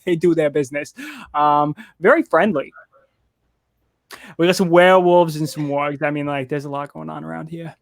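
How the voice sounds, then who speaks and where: A man's voice: on the high side, moderate pace, fairly bright tone, no echo, close to an everyday voice. A man voicing a chatty, laid-back forest of talking trees in a tabletop game, rambling and slangy.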